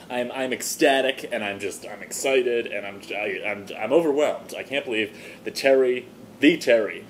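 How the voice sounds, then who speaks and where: A man hosting a comedy vlog, stammering and tripping over restarts in a mock-excited way. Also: on the low side, slight background noise. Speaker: blog host.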